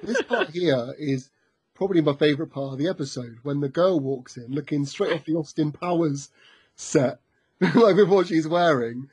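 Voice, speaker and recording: A man's voice: fairly high pitch, moderate pace, a little mellow, slightly rough, no room sound. A man co-hosting a casual chat, amused and chuckling as he talks. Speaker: podcast co-host.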